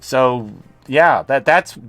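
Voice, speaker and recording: A man's voice: mid-range voice, lively intonation, extremely slow, a bit bright, dry recording, faint music behind. A man ranting in a casual political monologue, profane and sarcastic, often mimicking others mockingly. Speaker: political commentator.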